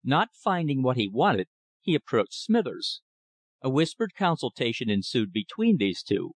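A man narrating a novel in a measured, expressive reading. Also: mid-range voice, dry recording. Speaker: audiobook narrator. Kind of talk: scripted narration.

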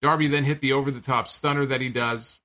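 A man casually recapping a wrestling match, animated and a bit profane, with fillers and restarts. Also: mid-range voice, quick pace. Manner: animated, profane, incredulous storytelling. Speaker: wrestling show reviewer.

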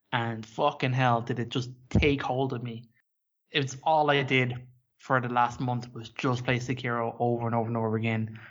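A man co-hosting a podcast in a casual, rambling chat that is peppered with swearing. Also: medium pitch. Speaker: podcast co-host. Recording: dull lo-fi podcast audio.

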